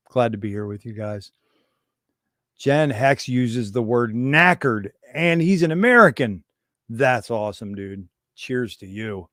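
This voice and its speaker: A man rambling through irreverent, conspiratorial banter as he hosts a casual livestream chat. His voice sits at an ordinary mid pitch. The sound is dry and close, with no room echo. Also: fairly bright tone. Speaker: livestream host.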